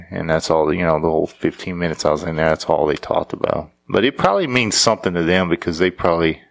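Deep gravelly-voiced man ranting sarcastically. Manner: sarcastic, rambling, frequent restarts. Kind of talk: casual comedic commentary.

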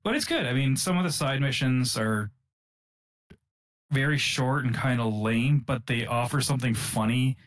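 A man's voice: medium pitch, normal speed. Rambling man chatting about games. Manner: rambling, full of fillers and chuckles. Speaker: podcast co-host. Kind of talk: casual chat about video games.

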